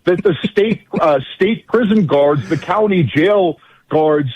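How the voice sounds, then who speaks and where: A man with a somewhat high voice takes the combative side of a radio interview. He is blunt and hammers every point through repetition. His voice is husky and close, dry, and dulled as if it came over a lo-fi line. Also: slow pace, a little mellow, no room sound. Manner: blunt, emphatic, repeats phrases for force. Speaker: guest legal commentator.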